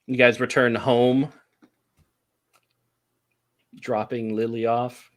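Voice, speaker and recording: A man's voice: medium pitch, level tone, takes it slowly. A man running a tabletop game as game master, narrating with many fillers and laughs.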